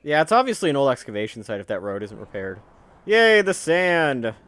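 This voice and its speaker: A man giving casual, jokey commentary over a video game he is playing, talking freely and breaking into loud excited outbursts. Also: lowish voice, racing, no room sound. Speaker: let's play commentator.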